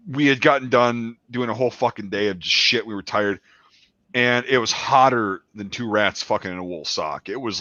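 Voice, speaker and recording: A man's voice: medium pitch, no echo, highs cut off. A man telling a rowdy army story in casual podcast chat, swearing freely and acting out the moments. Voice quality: profane, animated storyteller. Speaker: podcast host.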